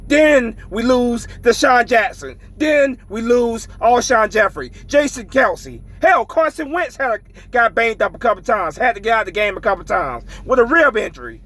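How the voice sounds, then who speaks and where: A man's voice: very high-pitched, lively intonation, moderate pace, few pauses, fairly bright tone, rough recording. A man ranting as a frustrated sports fan in a casual vlog, swearing heavily and repeating himself.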